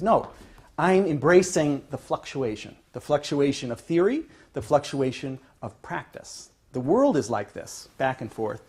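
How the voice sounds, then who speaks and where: A male economics professor giving a university lecture, checking in with "okay?" and restarting phrases, pushing some points louder and letting others trail off. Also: medium pitch, slightly rough. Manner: emphatic, builds to louder points then trails off. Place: lecture classroom.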